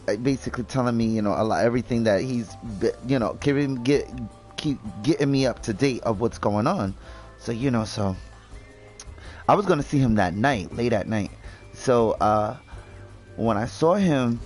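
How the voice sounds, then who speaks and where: A man's voice: fairly low pitch, darkish tone. Rambling young New man. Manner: rambling, filler-heavy, swears freely. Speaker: gaming video host. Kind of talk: casual chat while gaming.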